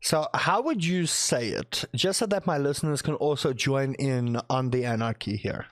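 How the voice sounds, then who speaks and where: A man hosting a podcast and interviewing a guest in a casual, playful and excitable way. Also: medium pitch, normal speed. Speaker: podcast host.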